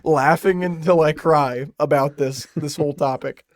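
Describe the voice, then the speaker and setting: A man's voice: on the high side, normal speed, no room sound, studio quality. A man in his twenties telling a funny story on a casual podcast, laughing as he goes. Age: 20s. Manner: animated storyteller, laughs often. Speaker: podcast co-host. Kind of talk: casual chat.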